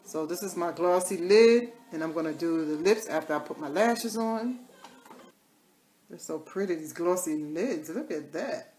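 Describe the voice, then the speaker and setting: A woman's voice: fairly low pitch, a little slow, dark tone, echoey room, slight background noise. A woman chatting casually through a live makeup tutorial, repeating catchphrases in a sing-song way. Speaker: makeup vlogger.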